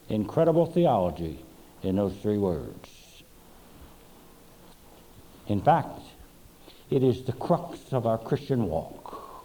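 Slow, dramatic male preacher. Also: medium pitch, sing-song, warm tone, rough recording. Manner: slow, emphatic preaching with dramatic pauses and swells. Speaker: pastor. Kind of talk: sermon.

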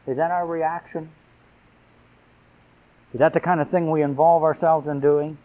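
A man's voice: on the high side, little pitch movement, moderate pace. A man preaching a sermon, reading scripture aloud with rising, emphatic delivery. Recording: tinny phone-like sound.

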